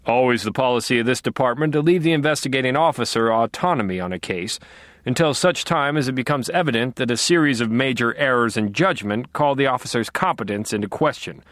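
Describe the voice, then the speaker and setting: A man's voice: medium pitch, brisk, fairly bright tone, no room sound, clean studio sound, lightly acted. A male audiobook narrator voicing a commanding middle-aged police captain who talks in a curt, barking way. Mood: stern.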